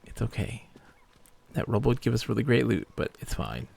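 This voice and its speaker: A man's voice: medium pitch, big pitch swings, fast talker, vocal fry, darkish tone. A man streaming live gameplay, muttering to himself and reading item text aloud as he plays.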